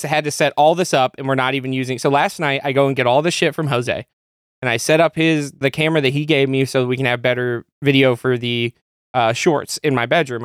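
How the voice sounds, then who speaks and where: A man co-hosting a casual podcast chat, animated and laughing as he tells a funny story. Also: mid-range voice, clear, resonant tone, no echo, clean studio sound. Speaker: podcast co-host.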